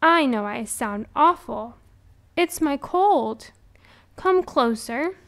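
A woman's voice: high-pitched, lively intonation, slow, full character voice. A woman voicing a sly, hungry male wolf in a children's storybook. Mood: wheedling. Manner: sly, wheedling.

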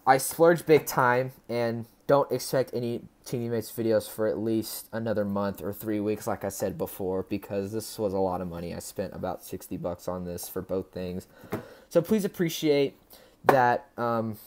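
At a normal speed, a man with a fairly low, somewhat mellow voice hosts a laid-back unboxing video. He keeps up a cheerful, meandering chat with viewers and occasionally stumbles on player names.

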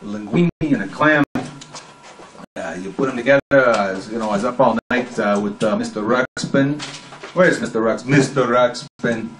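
Man playing a cranky talk radio host, halting and rambling, fillers and restarts, abrupt barked orders, echoey room, background noise. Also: mid-range voice, expressive, a bit bright, close to an everyday voice. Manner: abrupt outbursts barking orders. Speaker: comedy performer. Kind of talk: spoof talk radio monologue.

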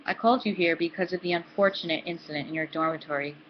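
A woman playing a brisk, formal college dean. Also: lowish voice, steady tone, highs cut off, a little hiss or hum, lightly acted. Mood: businesslike. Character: stern, hearty middle-aged female college dean.

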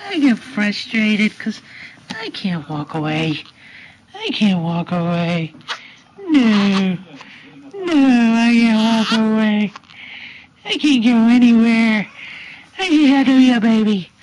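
A woman's voice: fairly high pitch, sing-song, slow pace, long pauses, background noise. A woman speaking for a fussy, frustrated baby girl in a whiny, complaining way, at home by a changing table.

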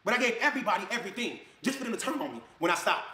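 Fast-talking man ranting in an echoey room. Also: sing-song. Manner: fired up, swings between loud jabs and low mutters, mocks others' voices. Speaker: online video creator. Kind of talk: heated rant to camera.

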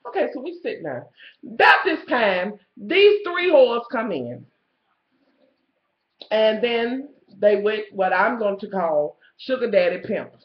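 Profane ranting woman, echoey lo-fi. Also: slow pace. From Kentucky, USA. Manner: profane, animated, swings between loud outbursts and low asides. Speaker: vlogger. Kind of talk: ranting storytelling. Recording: echoey lo-fi home video.

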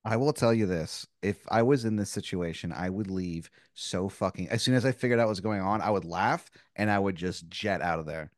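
Low-voiced man reacting bluntly, laughing. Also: brisk, few pauses, no room sound, clean studio sound. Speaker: podcast co-host. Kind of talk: casual comedic banter.

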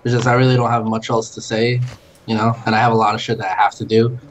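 A man hosting a show, signing off in a relaxed, hesitant way with lots of fillers. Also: fairly low pitch, fast talker, muffled recording, a crowd in the background. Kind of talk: casual sign-off.

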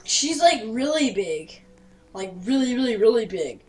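A woman chatting excitedly while playing a game, often gasping and giggling. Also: on the high side, unhurried, recorded from a distance, rough recording. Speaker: Roblox player. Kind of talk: casual gameplay chat.

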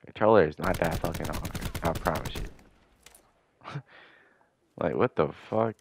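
Young male gamer, low gravelly voice, profane and exasperated trash-talk commentary. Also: takes it slowly, noisy background. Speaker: gaming commentator. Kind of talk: gameplay commentary.

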